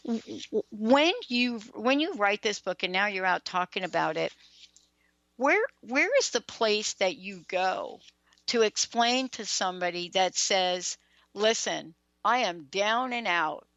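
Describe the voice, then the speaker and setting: A woman hosting a radio interview, asking questions in a chatty, animated way. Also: medium pitch, unhurried, no echo, lo-fi sound. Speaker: radio show host.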